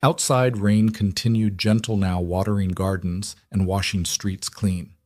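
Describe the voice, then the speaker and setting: Low-voiced man narrating a story. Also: steady tone, unhurried, darkish tone, no echo, clean studio sound.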